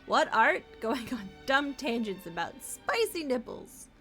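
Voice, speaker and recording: A woman's voice: fairly high pitch, very animated, a little slow, pushed and bright, soft background music. A young woman casually chatting as she streams a video game, playful and talkative. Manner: chatty, playful, talks to chat and pets. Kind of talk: casual gameplay commentary.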